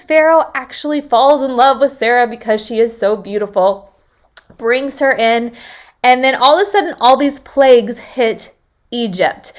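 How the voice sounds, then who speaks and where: An earnest woman leads a Bible devotional, her voice a little higher than most. She speaks conversationally and slips in casual fillers as she explains.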